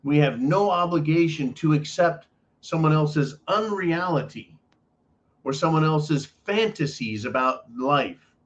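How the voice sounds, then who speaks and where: A man rants through a political monologue, emphatic and profane, hammering points home by repeating them. His voice sits a bit higher than most men's. The audio is dull and lo-fi. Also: lively intonation, a little slow. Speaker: political commentary host. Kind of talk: ranting monologue.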